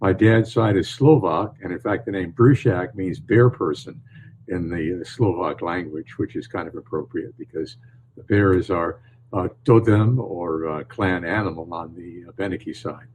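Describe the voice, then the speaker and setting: An older man from northern New York, a storyteller answering interview questions in a calm, measured way. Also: sits low, slight background noise, rough recording. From northern New York, USA. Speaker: storyteller and author, guest. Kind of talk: podcast interview.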